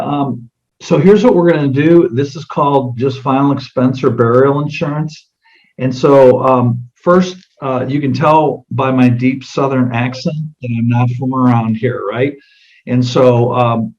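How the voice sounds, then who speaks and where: A man's voice: medium pitch, a little mellow, dull audio. A middle-aged man, an insurance agent, demonstrating a client sales meeting in a conversational way, asking many direct questions.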